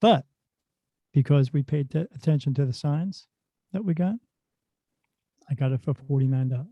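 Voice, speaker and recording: A middle-aged man, a spirit medium guest on a podcast, telling stories in a lively, casual way. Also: a little high, moderate pace, no echo. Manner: animated storyteller who acts out dialogue. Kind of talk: casual storytelling in a podcast interview. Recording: dull, dry lo-fi sound.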